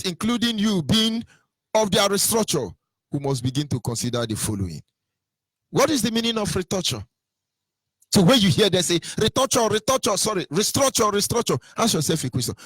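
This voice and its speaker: Nigerian guy ranting about politics, highish voice, dry close sound, mocks ppl in a singsong then drops low. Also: no echo. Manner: swings from shouted mockery to low muttering, mimics opponents in sing-song. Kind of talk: impassioned political monologue.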